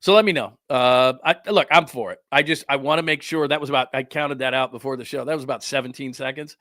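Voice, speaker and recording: A man's voice: medium pitch, fast talker, fairly bright tone, no room sound, studio quality. A man hosting a sports talk show, ranting heatedly and sarcastically, mocking others with put-on quotes. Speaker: sports radio host.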